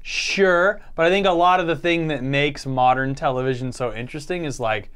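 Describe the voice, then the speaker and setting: A man co-hosting a casual podcast chat, playful and animated. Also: fairly high pitch, normal speed, smooth. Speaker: podcast co-host.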